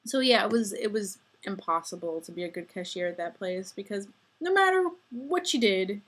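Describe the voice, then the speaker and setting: A woman's voice: mid-range voice, animated, normal speed, a bit bright. A woman in her twenties talking casually to her viewers in a rambling, self-deprecating vlog monologue. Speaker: vlogger.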